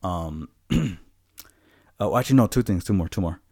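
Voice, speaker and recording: A man's voice: low voice, lively intonation, moderate pace, warm tone, husky, no echo, clean studio sound. A man co-hosting a podcast, telling stories in a loose, profane, laid-back way. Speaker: podcast co-host. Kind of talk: casual storytelling.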